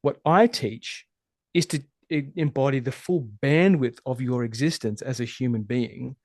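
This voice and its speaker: A man talking as a relationship coach in a podcast interview, animated and emphatic, swearing freely. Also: mid-range voice, moderate pace, no echo, studio quality. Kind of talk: casual interview conversation.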